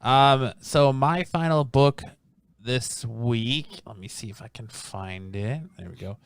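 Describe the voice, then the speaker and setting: A man's voice: mid-range voice, slow pace, clear, resonant tone. A man hosting a casual comic book review show, rambling with many restarts and ums.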